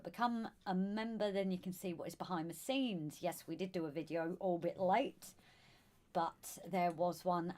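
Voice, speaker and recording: A woman with a Southern English accent co-hosting a casual live stream, greeting viewers by name and calling them darling. Her voice is going hoarse. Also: on the low side, a little mellow. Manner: chatty, calls viewers darling and sweetheart. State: losing her voice. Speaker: live stream co-host reading chat.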